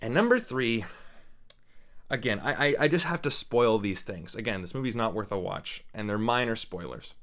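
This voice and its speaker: Young guy ranting about a movie, blunt, rambly, off the cuff. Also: medium pitch. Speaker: movie reviewer. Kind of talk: casual unscripted review.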